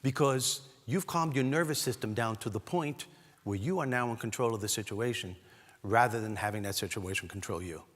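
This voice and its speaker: A man from Brooklyn, giving a comedic motivational keynote with animated, punchy storytelling. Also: on the low side, normal speed, long reverb tail. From Brooklyn, New York. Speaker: keynote speaker. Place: large hall, on stage.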